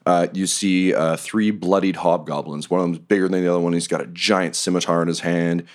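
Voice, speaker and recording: A man running a tabletop game as game master, narrating with a lot of laughter and sudden shouted character voices. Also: fairly quick. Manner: animated, laughs often, bursts into shrill shouted creature and character voices.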